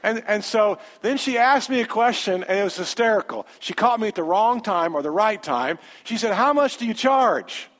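A man, a pastor telling a story in a sermon with animated, conversational quoted dialogue. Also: sits high, normal speed, few pauses. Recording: long hall reverb.

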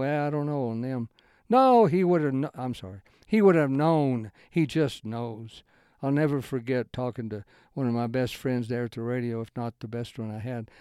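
Mellow-voiced man teaching scripture informally. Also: clean tone, dry recording, studio quality. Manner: rambling, with broken sentences and restarts; swings into emphatic raised-pitch lines. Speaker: Bible teacher. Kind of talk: informal Bible study talk.

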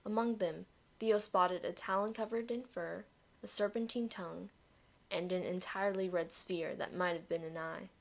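A woman narrating a dark fantasy story in a measured, expressive reading. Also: fairly low pitch, creaky.

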